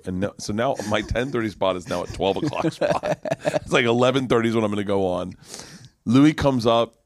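A man's voice: mid-range voice, fairly quick. A man in his forties, a comedian, telling a rambling story in casual chat, swearing and restarting often. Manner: rambling, profane, animated storyteller with many restarts. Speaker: comedian guest.

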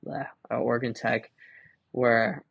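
Speaking a little slowly with a flat, husky, creaky medium-pitched voice, a young podcast host chats through a devotional episode and reads Bible verses. He laughs a lot and leans on "like" and "um"; the audio is dull with no echo.

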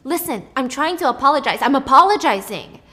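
A woman's voice: sits high, lively intonation, brisk, sharp tone, voice pushed up. An arrogant, curt rich businessman, as a woman puts him on while telling a story. He talks in clipped, impatient bursts and sounds irritated at everyone around him. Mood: flustered.

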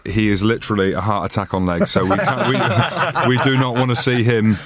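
Low-voiced Glaswegian man teasing his co-host. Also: moderate pace, over a noisy crowd. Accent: Glaswegian Scottish. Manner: teasing, jokey. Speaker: podcast co-host. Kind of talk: casual podcast banter.

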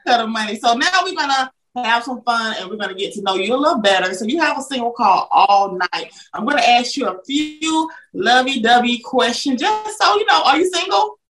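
A woman's voice: fairly high pitch, animated, a little fast, hardly any pauses, fairly bright tone, low-quality recording. A woman hosting a casual interview, bubbly, exclamatory and teasing. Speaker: interview host.

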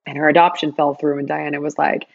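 A woman telling a personal story in an interview, animated, acting out quoted dialogue with big jumps in her voice. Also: low voice, quick pace, vocal fry, highs cut off.

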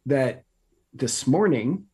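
A man with a husky, mellow voice co-hosts a chatty podcast. He explains events step by step in a measured way and slips in wry asides. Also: medium pitch, expressive. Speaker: podcast co-host. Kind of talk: casual political comedy chat.

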